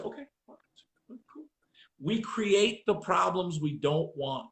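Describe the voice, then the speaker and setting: A high-voiced man speaking slowly in a roomy-sounding space. He hosts a casual chat, swearing as he tells dog-training stories and acts out the voices with animated flair.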